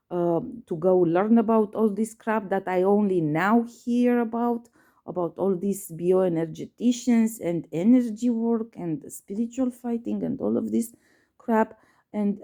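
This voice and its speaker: A mellow, mid-range woman's voice tells a personal story straight to camera as a vlogger. She keeps hesitating, restarting, and using fillers, and she's insistent and repetitive, letting swear words slip when upset.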